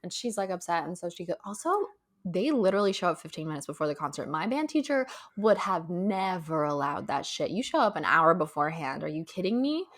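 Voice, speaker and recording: A woman in her late twenties chats casually as a podcast co-host. She talks with animated energy, swears freely and slips into quick voices for the characters she retells. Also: lowish voice. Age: 20s. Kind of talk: casual recap chat.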